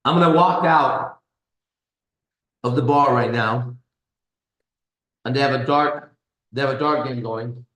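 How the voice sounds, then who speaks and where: A man's voice: medium pitch, unhurried, pauses often, fairly bright tone. Boastful man in an echoey room. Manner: boastful, swearing, slangy. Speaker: host. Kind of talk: casual chat on a live stream. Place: kitchen.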